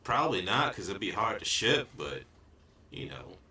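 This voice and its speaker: A man's voice: fairly low pitch, big pitch swings, moderate pace, pushed and bright, far from the mic. A man co-hosting a casual podcast chat, laughing often and swearing freely. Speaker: podcast co-host. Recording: echoey room, voice off-mic.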